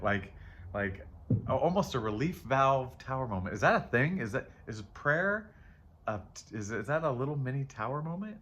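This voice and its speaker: A man hosting a casual tarot reading, rambling and reflective, often trailing off, questioning himself and laughing softly at himself. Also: medium pitch, slight background noise. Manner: candid and self-deprecating, with soft laughs. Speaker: tarot reader and channel host. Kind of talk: casual spiritual chat while reading tarot.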